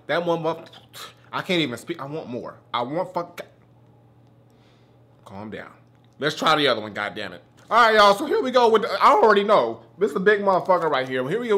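A man with a slightly high voice reviews candy in a loose, excitable way. He swears freely and stops to chew mid-sentence. He sounds worked up over the food. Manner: profane, excitable, talks while eating.

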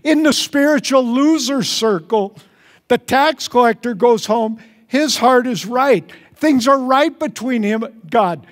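A man's voice: very high voice, animated, measured pace. A male pastor preaching a sermon in an earnest way, repeating key phrases for emphasis and leading the congregation. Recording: church service recording.

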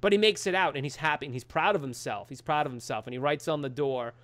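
A man's voice: a little high, fast talker, hardly any pauses, a bit bright. A man co-hosting a podcast, casually recapping a TV episode and acting out the characters' lines in quotes. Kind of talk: casual chat.

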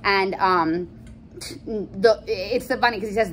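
A woman casually explaining a play in a chatty, slangy, animated way. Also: medium pitch, slow pace, slight background noise. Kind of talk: casual lesson with read-aloud scenes.

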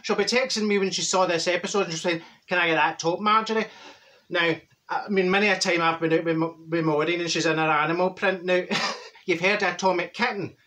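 A man's voice: sits high, steady tone, a little fast, pushed and bright. A man voicing a chatty older Glasgow woman with a Glaswegian Scottish accent, telling cheeky gossip and stories to camera with frequent laughs. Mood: gossipy. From Glasgow, Scotland. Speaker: comedy character host. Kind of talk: comic monologue to camera.

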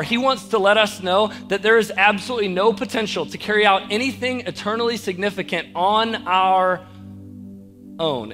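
A man's voice: high-pitched, fairly bright tone. A man preaching a youth sermon, chatty and rising to fervent preaching. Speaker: youth pastor. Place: church auditorium.

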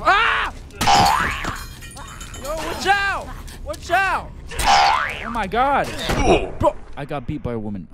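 A man commentating his own horror game playthrough, slangy and excitable, bursting into high yelps when startled. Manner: slangy, says bro a lot. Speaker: gaming YouTuber. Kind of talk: let's play commentary. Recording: game music playing loud behind.

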